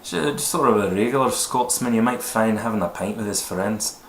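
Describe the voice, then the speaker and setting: A man voicing a powerful, theatrical Scottish man who talks in a loud, animated way. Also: fairly low pitch, moderate pace, lightly acted. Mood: boisterous. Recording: echoey room, faint noise.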